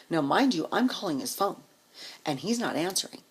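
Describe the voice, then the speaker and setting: Woman telling her own story, blunt and salty, husky low voice with whispered asides. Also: very animated, fairly quick. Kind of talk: casual personal storytelling.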